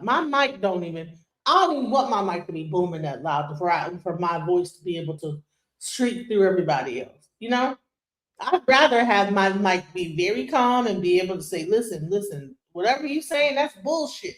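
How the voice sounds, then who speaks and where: A woman's voice: medium pitch, expressive, moderate pace. A middle-aged woman hosting a livestream, ranting in a heated, profane way and firing off rhetorical questions. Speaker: streamer host. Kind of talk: livestream commentary reacting to a clip. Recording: roomy echo.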